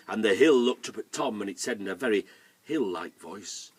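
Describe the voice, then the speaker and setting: A man telling a folk tale to children in a lively way, inviting the listeners to join in. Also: lowish voice, moderate pace, breathy edge, distant mic. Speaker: storyteller. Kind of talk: oral storytelling for children.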